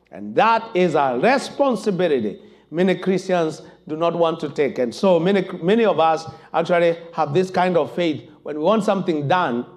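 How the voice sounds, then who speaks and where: A man preaching a sermon as pastor, impassioned and building to shouted emphasis. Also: on the high side.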